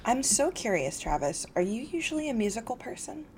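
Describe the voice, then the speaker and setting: A woman in a casual film chat who speaks in a quick, animated way. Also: on the high side, a little hiss or hum.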